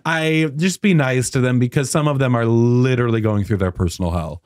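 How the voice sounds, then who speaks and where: A man around thirty, a comedian telling a personal story in casual chat, animated and full of "like" fillers. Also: fairly quick, few pauses, no echo, studio quality. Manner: animated, many "like" fillers, acts out quotes in a high voice. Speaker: guest comedian.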